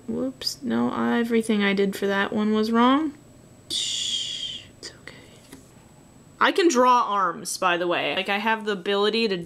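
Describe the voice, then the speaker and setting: A woman's voice: medium pitch, creaky, fairly bright tone. A young woman from Canada with a Canadian accent, talking casually and sarcastically while drawing, muttering self-mocking asides under her breath. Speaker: artist drawing tutorial host.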